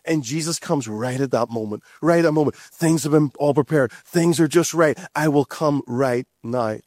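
A man's voice: a little high, moderate pace, a little mellow, no echo, studio quality. A man preaching a sermon to his church in a fervent, conversational way, often restarting phrases and calling out to the congregation. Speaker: pastor.

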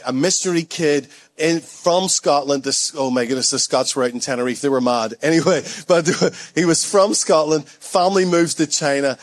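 A man preaching a sermon to his church, telling stories conversationally and building to excited, rising peaks while calling out to the congregation. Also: medium pitch. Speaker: pastor.

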